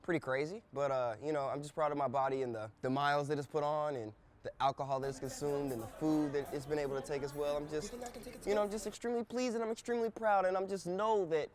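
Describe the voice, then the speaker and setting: An American man in his thirties hosting a casual travel vlog, telling stories in an animated, profane way. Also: fairly high pitch, fast. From United States. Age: 30s. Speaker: vlog host.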